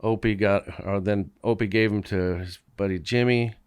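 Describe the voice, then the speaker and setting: A man, a podcast guest, telling crude anecdotes in a casual, animated way, swearing often and laughing as he goes. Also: lowish voice, moderate pace, clear, resonant tone. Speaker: podcast guest, band member. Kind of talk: casual storytelling.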